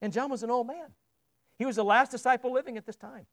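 A man whose voice is strikingly high and fairly bright preaches casually to a church congregation at a quick pace, keeping his intonation fairly even. He poses questions to the listeners and stumbles on repeated words as he pushes each point home.

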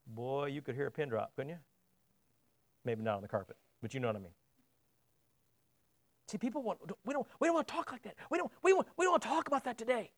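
In a church, a man preaches a sermon in a casual way, asking the congregation questions and repeating words as he drives a point home. His voice is a little high and fast, and he pauses often.

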